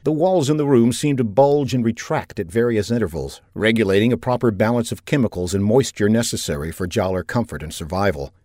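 A man narrating a science fiction audiobook in a steady, even storytelling manner on a close mic. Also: lowish voice, brisk, hardly any pauses, dry recording. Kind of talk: scripted narration.

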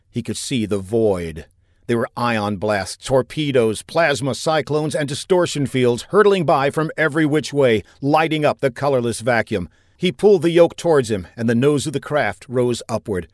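A man narrating a science-fiction audiobook in a measured, steady storytelling manner that builds during action scenes. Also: medium pitch, no room sound, clean studio sound. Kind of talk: scripted narration.

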